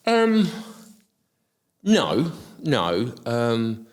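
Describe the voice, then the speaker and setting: A middle-aged man from Essex with a softened estuary accent, a podcast guest speaking in a hesitant, reflective way with many ums and restarts. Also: medium pitch, wildly swooping pitch, very slow, in a large hall. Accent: softened Essex estuary English. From Essex, England. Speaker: guest, HR professional. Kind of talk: casual reflective interview talk.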